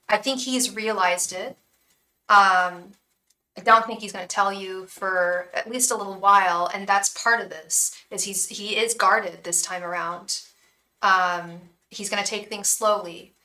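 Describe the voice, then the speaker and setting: A woman's voice: medium pitch, sharp tone, distant mic. A woman giving a live tarot reading, earnest and blunt, sometimes swearing and murmuring invocations to spirit guides. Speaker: tarot reader and psychic. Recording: echoey room, voice off-mic.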